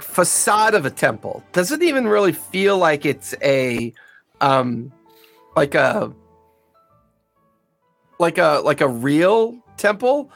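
Brief: male game master, slow rambling narration, gravelly voice, a bit high. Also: fairly bright tone. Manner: rambling, full of ums and likes.

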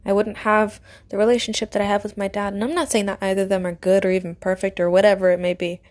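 A young woman speaking to her viewers about her faith and her family. Her voice sits at an ordinary middle pitch, and her delivery is earnest and emotional. She often lets it sink to a hushed whisper. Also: flat delivery, quick pace. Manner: heartfelt and emotional, often dropping to a soft whisper. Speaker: vlogger. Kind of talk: personal faith-based storytelling.

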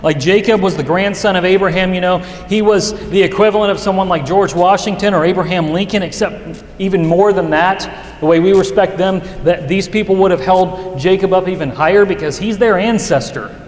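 Brisk and high-pitched, a preacher delivers an earnest, conversational sermon, frequently starting his sentences over. The sound carries a long reverb from an echoey hall.

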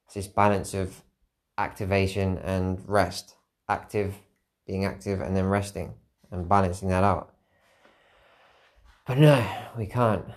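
Low and a little mellow, this man's voice carries a solo podcast. The host sounds tired, musing candidly and meandering, often repeating phrases to stress them.

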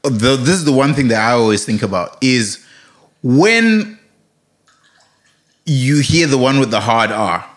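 A man's voice: medium pitch, moderate pace. A young man co-hosting a podcast in casual chat, telling stories animatedly and laughing often. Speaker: podcast co-host.

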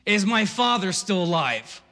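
A man preaching a sermon in an animated, conversational way, full of asides and laughs. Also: sits high, measured pace, long reverb tail. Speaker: pastor.

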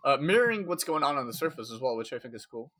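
A man's voice: medium pitch, sing-song, fast talker, a bit bright. A man casually recapping a story in a podcast chat, rambling with lots of fillers.

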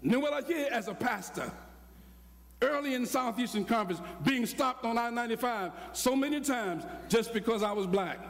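An older man preaching a sermon, telling a story with acted-out dialogue and rising to shouts. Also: very high-pitched, animated, moderate pace, vocal fry. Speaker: pastor. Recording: long hall reverb.

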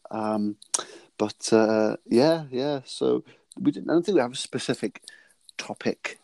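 A man's voice: medium pitch, measured pace, vocal fry, darkish tone, dry recording. A man co-hosting a podcast, chatting casually and telling rambling, jokey stories with frequent laughs. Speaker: podcast co-host. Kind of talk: casual chat.

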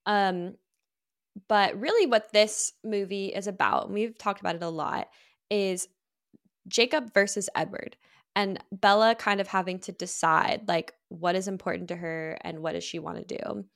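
Woman with vocal fry hosting a chat. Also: medium pitch, fairly even intonation, normal speed. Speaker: podcast co-host. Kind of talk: casual chat.

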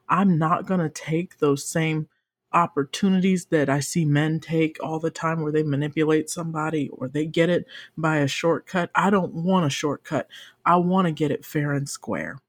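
Emphatic, profane woman co-hosting a podcast. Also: no echo. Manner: emphatic, profane, swings into high excited exclamations. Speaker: podcast co-host. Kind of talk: casual chat.

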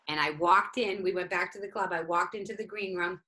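A woman comedian telling a story in casual chat, animated and profane, acting out each side of it. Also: lowish voice, brisk, hardly any pauses. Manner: animated, profane, acts out both sides of a story. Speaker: stand-up comedian, guest.

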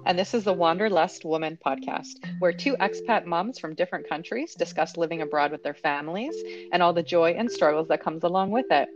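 Woman from Canada, podcast host, lowish voice, outspoken and lively, slightly dull sound, soft music behind. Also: brisk, hardly any pauses. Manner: lively, outspoken, laughs easily. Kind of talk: casual podcast chat.

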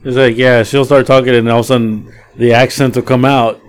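A man's voice: medium pitch, little pitch movement, a little fast, smooth. A man joining a casual interview as a bandmate, chiming in with joking asides. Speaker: bandmate, guest.

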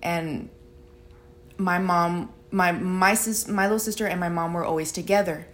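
A woman's voice: lowish voice, fairly even intonation, normal speed. A woman hosting a casual podcast chat, reflectively sharing personal stories about her family and relationships. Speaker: podcast host.

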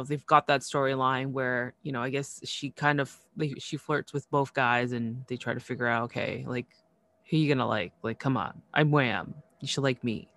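A woman's voice: low voice, a bit bright, no echo, clean studio sound. A woman co-hosting a podcast in casual chat, bubbly and laughing often, with lots of "you know" and "like". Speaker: podcast co-host.

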